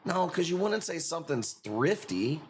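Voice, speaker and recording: A man's voice: a little high, big pitch swings, moderate pace, a little hiss or hum. A man with a Chicago accent hosting a live coral-sale stream, chatting casually, swearing and laughing often. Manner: laid-back, profane, laughing often. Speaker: livestream host selling corals. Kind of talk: casual livestream chat.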